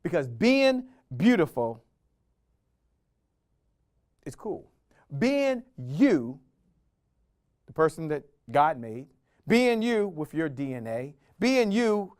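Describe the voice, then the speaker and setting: A man giving a motivational sales keynote, emphatic and repetitive, drawing call-and-response from the audience and swinging between loud declarations and hushed asides. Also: sits high, very animated, slow, long pauses. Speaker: sales coach and conference speaker.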